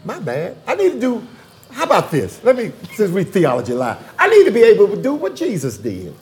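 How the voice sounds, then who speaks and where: A man's voice: high-pitched, wildly swooping pitch, fairly quick, darkish tone. A man, a theologian guest in a conversational interview, talking emphatically and repeating phrases for rhythm.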